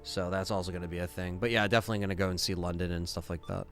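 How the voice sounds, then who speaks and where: A man chatting casually while streaming a game live, excitable and quick to swear. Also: low voice, faint music behind. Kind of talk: casual live gameplay chat.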